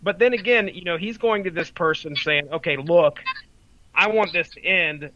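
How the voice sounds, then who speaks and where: Male podcast co-host, casual rambling storyteller, slightly high voice, close and dry. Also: moderate pace, sharp tone, no room sound, highs cut off. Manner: rambling retelling, swears and laughs freely. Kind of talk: casual chat.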